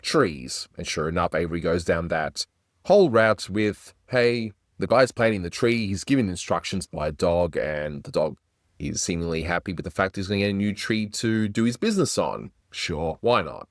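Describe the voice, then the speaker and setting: Australian male host, deep and conversational, dry booth sound. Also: lively intonation, moderate pace, no echo. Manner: chatty, conversational, self-deprecating. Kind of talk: casual review commentary.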